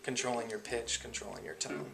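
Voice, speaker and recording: A man explaining how he does voice impressions in a documentary narration, relaxed and full of pauses. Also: medium pitch, vocal fry. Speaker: amateur impressionist. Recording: documentary draft with music behind.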